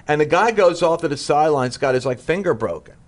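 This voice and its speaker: Guy from the us northeast, guest on a talk show, lively storyteller, does voices of people, trips over words a lot. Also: fairly high pitch, quick pace, a little hiss or hum. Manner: energetic storyteller, acts out quotes, frequent restarts. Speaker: guest speaker. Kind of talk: animated conversational teaching.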